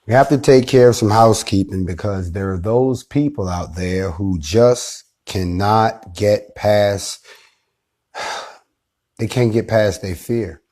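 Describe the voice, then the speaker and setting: A man with a fairly low voice hosts a live online show. He delivers a defiant, preacher-like monologue. He often drops slow and quiet, then builds to loud, forceful declarations. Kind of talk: impassioned live-stream monologue.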